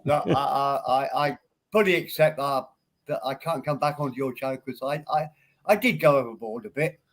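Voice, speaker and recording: A man's voice: medium pitch, normal speed. A man on a livestream, rambling and self-deprecating, apologetic in tone.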